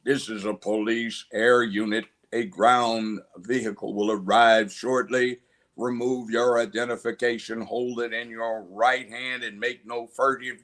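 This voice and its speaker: A man imitating a male police announcer giving formal, monotone orders. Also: medium pitch, natural voice. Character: flat, commanding male police loudspeaker announcer.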